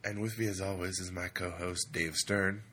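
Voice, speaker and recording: A man hosting a podcast in casual chat, his voice hoarse from a weekend of screaming, joking and self-mocking. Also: deep voice, steady tone, normal speed, pushed and bright. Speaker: podcast host.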